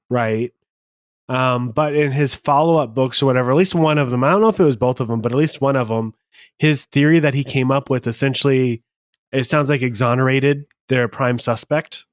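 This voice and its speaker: A man's voice: medium pitch, brisk, dry recording, clean studio sound. A man co-hosting a movie podcast, chatty and rambling in casual talk. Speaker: podcast co-host. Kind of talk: casual chat.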